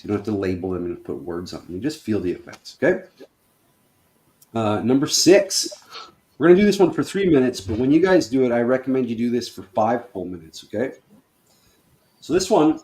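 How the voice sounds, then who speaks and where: A man teaching movement exercises in a loose, profane way, talking learners through each step. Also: medium pitch. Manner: loose and profane, acts out worry and whooping excitement. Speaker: movement instructor. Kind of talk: guided exercise instruction. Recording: echoey room, voice from off-mic.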